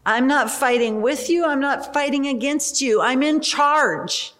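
A woman's voice: high voice, expressive, measured pace, a bit bright, pitched above the performer's own voice. A woman voicing a stern heavenly army commander. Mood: commanding. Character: stern commanding male angelic warrior.

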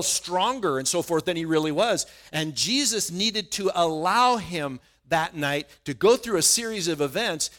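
A middle-aged man delivers a sermon in a relaxed, conversational way. His voice sits a little high for a man. He often stumbles over and repeats his opening words before he settles into a thought. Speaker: pastor.

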